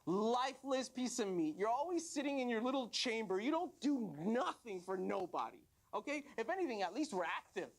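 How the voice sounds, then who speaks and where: A man's voice: high voice, sing-song, quick pace, hardly any pauses. A man voicing a chorus of indignant body parts scolding the tongue. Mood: scornful. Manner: scolding, insulting.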